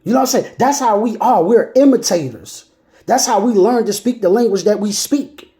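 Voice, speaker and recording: A woman's voice: mid-range voice, moderate pace, dark tone. A woman giving a motivational talk in a casual, street-style way. She stresses her points by repeating them and keeps checking in with the listener. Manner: emphatic and repetitive, often checking in with the listener. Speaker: motivational speaker. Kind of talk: motivational monologue.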